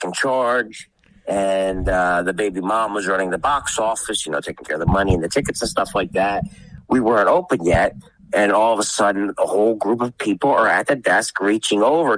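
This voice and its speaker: A man's voice: fairly low pitch, a bit bright, no echo, low-quality recording. A man co-hosting a podcast, telling profane stories in casual chat. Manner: profane, laughing anecdote-teller. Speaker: podcast co-host.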